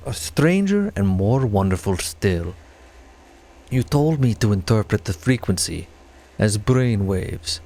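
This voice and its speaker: A man voicing an earnest male scientist reading out a heartfelt letter, in a put-on foreign accent and a deeper, slower voice. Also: darkish tone. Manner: solemn, with a put-on Eastern European accent.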